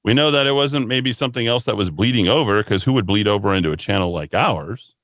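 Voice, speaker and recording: A man's voice: fairly low pitch, expressive, quick pace, a bit bright, no room sound. A man hosting a talk radio show, ranting bluntly and combatively in a monologue from a radio studio. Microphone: studio microphone.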